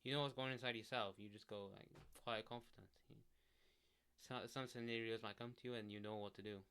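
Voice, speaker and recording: Relaxed low-voiced man rambling advice. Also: brisk, smooth. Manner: rambling, lots of "like", restarts, relaxed. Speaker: self-help vlogger. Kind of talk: casual solo advice talk. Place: indoors, sitting in a chair. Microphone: desk microphone.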